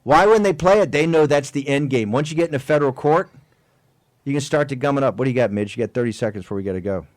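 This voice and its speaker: Male talk-radio host, fiery and emphatic, fires off rhetorical questions, mid-pitched voice. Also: fast, no echo.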